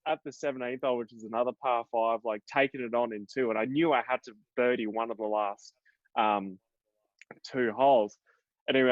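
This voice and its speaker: Here a young Australian man with an Australian accent, a pro golfer on a laid-back interview, rambles through anecdotes with fillers and curse words. His voice sits in the mid-range, captured without echo in dull, dry podcast sound.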